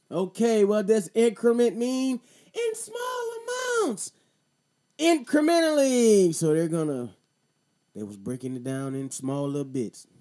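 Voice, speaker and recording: A warm, mid-range voice belongs to a man in his thirties hosting a casual podcast, who tells a profane, slangy story before moving on to the topic of voting.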